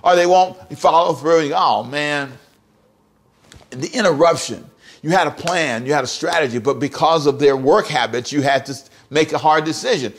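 A man's voice: fairly high pitch, brisk. A man preaching a sermon as pastor, emphatic and repetitive, often asking the congregation direct questions.

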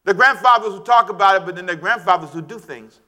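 A middle-aged man preaching a sermon, animated and shouting at times, calling for amens from the congregation. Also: high voice, quick pace. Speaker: pastor.

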